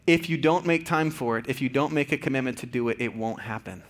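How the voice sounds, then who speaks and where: A man in his thirties, a pastor giving a conversational, earnest sermon with fillers and restarts, going soft and quiet at tender points. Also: mid-range voice, quick pace. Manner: drops to soft, quiet tones for tender moments.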